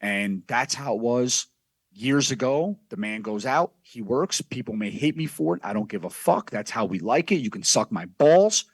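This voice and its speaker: A man's voice: mid-range voice, expressive, normal speed, husky, no echo. A man telling a brash, profane story as a guest on a casual podcast.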